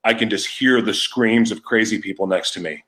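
A man's voice: fairly low pitch, normal speed, pushed and bright. A man hosting his own podcast, telling a raw personal story in a candid, emotional way, with frequent restarts and trailing thoughts. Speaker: podcast host.

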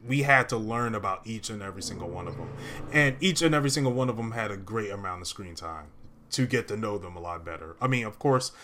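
A man's voice: on the low side, expressive, fast talker, fairly bright tone, a little hiss or hum. A young man hosting a casual movie review chat, rambling through his recap with lots of "uh" and "like".

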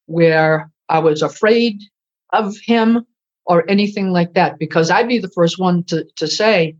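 A woman's voice: lowish voice, unhurried. An older woman, a retired culinary instructor telling stories in an interview and acting out old conversations. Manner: animated storyteller acting out dialogue. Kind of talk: oral history interview. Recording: dull lo-fi recording.

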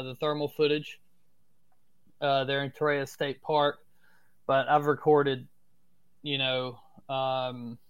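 A man's voice: mid-range voice, smooth. A man from Florida with a strong Southern US accent, a podcast guest telling stories in a laid-back, cursing manner. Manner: laid-back, swears freely. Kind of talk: casual storytelling.

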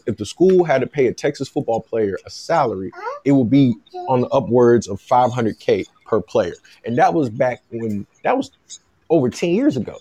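A man in his thirties hosting a podcast, talking sports in a casual, animated and emphatic way, with frequent restarts and stammers. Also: mid-range voice, slightly rough. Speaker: podcast host.

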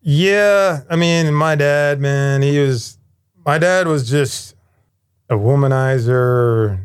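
A man in his forties, a former firefighter paramedic, telling his life story in a candid, animated way with casual swearing. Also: on the high side, slow pace, smooth.

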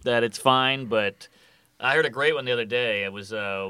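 A male stand-up comedian chatting casually and telling jokes, animated and laughing at his own punchlines. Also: medium pitch, moderate pace, clear, resonant tone, no echo. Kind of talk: casual podcast chat.

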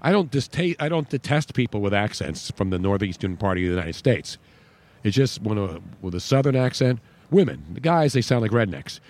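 A man's voice: on the low side, very animated, a little fast, darkish tone. A man hosting a radio talk show, chatting and reading ads in an emphatic, repetitive way. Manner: chatty, emphatic, repeats words for stress. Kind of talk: casual sports talk with live ad reads.

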